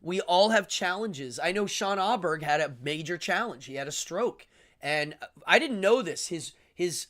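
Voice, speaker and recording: On his livestream, an English-accented host muses about philosophy with eager, meandering energy and plenty of ums. His voice sits a little high and sounds fairly bright.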